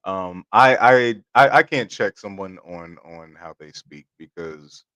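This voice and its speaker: Male co-host, lowish voice, thoughtful and explanatory. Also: lively intonation, measured pace, pushed and bright, no echo. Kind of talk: casual chat.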